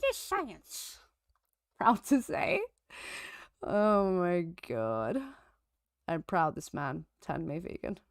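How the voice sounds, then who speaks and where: A woman's voice: lowish voice, very animated, slow, pauses often, clear, resonant tone, no echo, clean studio sound. A woman co-hosting a livestream, talking casually and sarcastically, laughing often and swearing. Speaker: co-host on a reaction stream.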